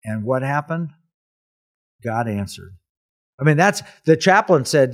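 A man's voice: mid-range voice, big pitch swings, measured pace, pauses often. A man hosting a casual talk, telling a history story in an earnest, emphatic way.

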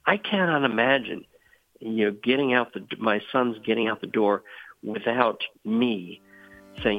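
A man's voice: a little slow, dry recording, phone-quality sound, faint music behind. A man, a ministry leader, telling earnest stories in an interview and acting out quoted dialogue. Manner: earnest, acts out quoted dialogue with rising pitch. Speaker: CEO of a boys' outdoor ministry, guest.

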